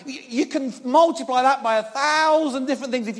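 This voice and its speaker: A man preaching a sermon at a church service, talking conversationally with many tag questions to the congregation, and swinging between loud emphasis and quiet passages. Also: very high voice, a little fast, hardly any pauses.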